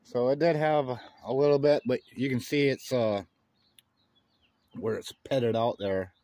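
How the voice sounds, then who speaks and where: A man narrating his workshop project in a relaxed, chatty way, talking while he works outdoors. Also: medium pitch, measured pace. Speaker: DIY off-grid vlogger.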